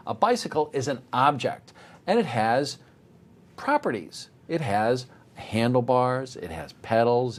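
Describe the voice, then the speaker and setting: A middle-aged man teaching a technical course live, animated and joking, sometimes acting out little voices. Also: mid-range voice. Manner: animated, jokey, acts out voices. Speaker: instructor. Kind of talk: live technical demo with banter.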